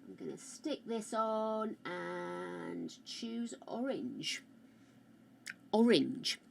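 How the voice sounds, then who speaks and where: A woman chatting casually with her live-stream viewers on a close mic, loud and rambling, greeting people by name. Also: medium pitch, sing-song, drawn-out words, gravelly, slight background noise.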